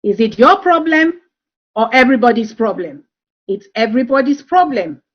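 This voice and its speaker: A woman speaks in a slightly high voice over a dull, lo-fi video call. She talks through a webinar presentation, telling stories from her work and pausing often on "um". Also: lively intonation. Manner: warm storytelling with frequent um fillers. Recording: dull lo-fi online call audio.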